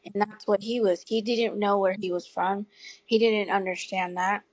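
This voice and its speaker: A woman's voice: medium pitch, little pitch movement, moderate pace, dry recording, poor audio. Earnest young mother, dry close sound. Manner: earnest, tearful at times, laughs softly. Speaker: guest parent advocate. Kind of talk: emotional personal storytelling.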